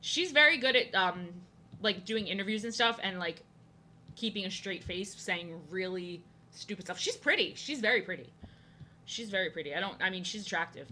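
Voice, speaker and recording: Bright-voiced chatty young woman streamer. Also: mid-range voice, slight background noise. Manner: rambling, chatty, reacting to chat. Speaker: art streamer. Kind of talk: casual chat while drawing.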